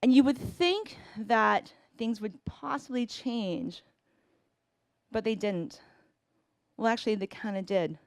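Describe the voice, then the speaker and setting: A woman's voice: a little high, slow, pauses often, no echo, clean studio sound. A woman in her forties telling a personal family story, earnest and reflective, acting out bits of dialogue.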